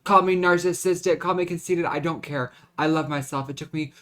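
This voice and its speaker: A man's voice: a little high, fairly even intonation, brisk, fairly bright tone. A young man venting in a confessional vlog, dramatic and profane, often restarting and repeating himself. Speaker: vlogger.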